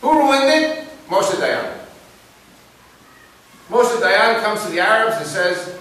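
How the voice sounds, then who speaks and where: A man speaking to a live audience in a preaching style, asking them questions and telling stories with lively emphasis. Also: sits high, slow pace, long pauses. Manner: animated, asks the audience questions and tells stories. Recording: echoey room picked up from a distance with hiss.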